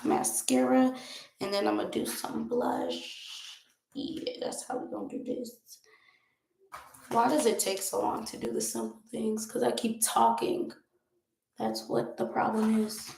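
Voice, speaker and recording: A woman's voice: a little high, big pitch swings, unhurried, vocal fry, darkish tone, roomy sound, slight background noise, low-quality recording. A young woman vlogger chatting casually while doing her makeup, rambling and laughing often.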